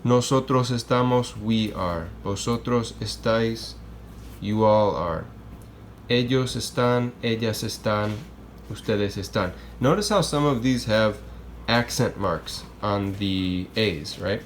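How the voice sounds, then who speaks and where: A man's voice: on the low side, takes it slowly, a little hiss or hum. Chatty man teaching a language lesson. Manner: casual and chatty, checks in with "okay?" and "right?". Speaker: Spanish teacher. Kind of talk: classroom lesson explaining grammar.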